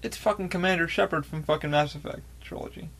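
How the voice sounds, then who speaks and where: A man hosting a podcast, telling a rambling, excitable story with lots of swearing and fillers. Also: a little high, quick pace, creaky. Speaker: podcast host. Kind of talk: casual storytelling.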